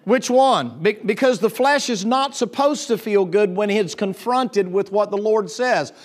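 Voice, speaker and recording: High-voiced preacher. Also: male voice, unhurried. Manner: swings from low confiding tones to loud excited preaching, with restarts. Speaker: pastor. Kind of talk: sermon.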